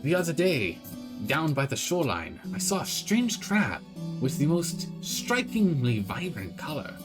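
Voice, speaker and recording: A man's voice: fairly high pitch, very animated, a little slow, music in the background. A man putting on a wobbly French-Scottish painter. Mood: obliging. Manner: wobbly put-on accent, French drifting into Scottish. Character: genteel male painter who decorates boats.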